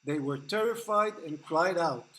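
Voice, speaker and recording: High-pitched man chiming in conversationally. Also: animated, measured pace, a bit bright, slight background noise, low-quality recording. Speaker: interviewer. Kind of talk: conversational study discussion.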